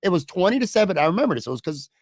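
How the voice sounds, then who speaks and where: A man's voice: high voice, sing-song, rapid-fire, no room sound, clean studio sound. A man hosting a sports podcast, chatting casually, hedging his points and swearing offhand. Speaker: podcast host.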